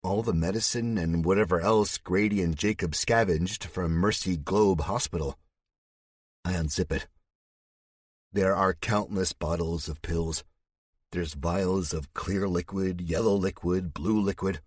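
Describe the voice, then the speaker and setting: A man's voice: deep voice, a little slow, breathy edge, no echo, clean studio sound. A man narrating a first-person thriller audiobook with a gritty, tense delivery.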